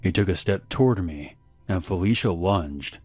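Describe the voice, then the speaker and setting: A man narrating a scripted horror story in a measured, unhurried way. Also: low-pitched, animated, a little mellow, no room sound. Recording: faint background music.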